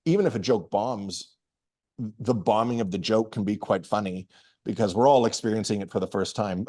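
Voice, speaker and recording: Middle-aged male guest, low voice, relaxed anecdotal delivery, casual podcast chat. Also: moderate pace. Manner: relaxed storytelling with frequent restarts and laughs. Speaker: guest comedian and performer. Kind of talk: casual interview answers.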